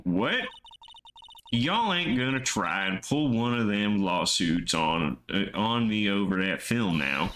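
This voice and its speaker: A Texan man voicing a feisty, suspicious Southern woman photographer with a slow, exaggerated drawl. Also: on the low side, animated, fairly bright tone. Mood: defiant. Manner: brash, scolding, quick to bristle.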